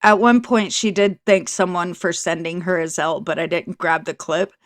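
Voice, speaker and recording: A woman's voice: lowish voice, steady tone, moderate pace, no room sound. A woman commentator giving sarcastic remarks over clips, dry and mocking with wry asides.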